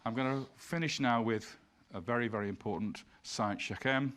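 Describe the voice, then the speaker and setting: A man's voice: mid-range voice, normal speed, fairly bright tone. A man giving an illustrated lecture, explaining slides point by point and reading passages aloud. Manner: reads scripture passages aloud.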